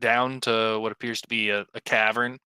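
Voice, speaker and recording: A man's voice: lowish voice, moderate pace, smooth, dry recording. A man running a tabletop game as game master, talking with frequent fillers. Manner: animated, lively delivery with frequent fillers.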